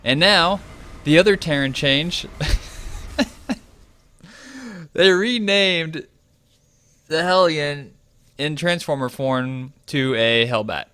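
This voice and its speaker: Bright-voiced man chatting over gameplay. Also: fairly high pitch, slow pace, a little hiss or hum. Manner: chatty, thinking aloud with fillers. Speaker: gaming video host. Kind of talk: casual game commentary.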